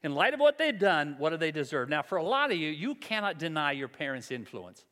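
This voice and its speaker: High-voiced older man preaching in a hall. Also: sing-song, a little fast, fairly bright tone. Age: 60s. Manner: conversational, self-deprecating storytelling. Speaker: pastor. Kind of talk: sermon. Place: large church hall. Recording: long hall reverb.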